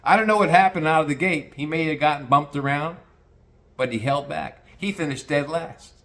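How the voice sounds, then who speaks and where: A man's voice: fairly high pitch, normal speed, fairly bright tone. A man telling a rambling, profane anecdote in a casual conversational way. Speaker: storyteller.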